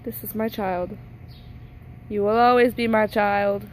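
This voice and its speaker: A woman's voice: medium pitch, steady tone, a little slow, a little mellow, a little hiss or hum, rough recording. A young woman vlogging outdoors, talking in a playful, doting, mock-dramatic way. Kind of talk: casual outdoor vlog.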